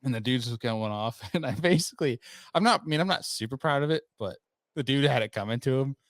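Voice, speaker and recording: A man's voice: medium pitch, quick pace, no room sound. A man hosting a podcast, telling stories in a casual chat and acting out the people in them. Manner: animated storyteller, acts out quoted people. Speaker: podcast host.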